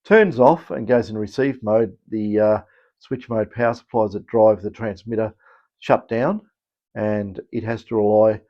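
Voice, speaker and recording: Australian man, low voice, rambling, lots of ums, casual tech explainer, dull lo-fi recording. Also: unhurried. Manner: rambling, with many fillers and restarts. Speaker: electronics technician and channel host.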